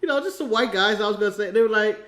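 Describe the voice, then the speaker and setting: Man, American, high voice, animated, laughing, casual chat. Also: racing. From United States. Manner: animated storyteller, laughs a lot. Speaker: podcast co-host.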